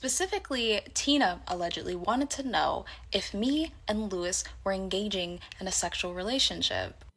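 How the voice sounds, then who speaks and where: A woman's voice: medium pitch, animated, moderate pace, fairly bright tone, slightly rough. A woman telling a personal work story in a candid, blunt and profane way. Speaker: storyteller in a reacted-to clip. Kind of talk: casual storytelling to camera.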